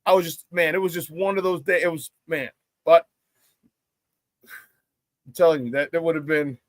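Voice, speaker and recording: There's no room echo here, just a close, dry sound as a sports talk host from around Chicago rants loosely and energetically through a story on his live show. For a man, his pitch runs fairly high, and quoted lines get quick changes of voice.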